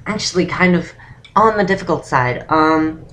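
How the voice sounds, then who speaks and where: Young woman, lowish voice, casual rambling vlog-tutorial delivery. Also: normal speed, a bit bright, a little hiss or hum. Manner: rambling, full of "um" and "actually". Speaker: voice training vlogger.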